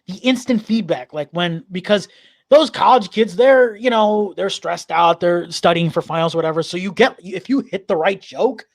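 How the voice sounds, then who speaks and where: A man's voice: sits high, moderate pace, gravelly, no echo. A man, a guest comedian, chatting in an interview with enthusiastic, rambling talk full of restarts. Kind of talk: casual interview chat.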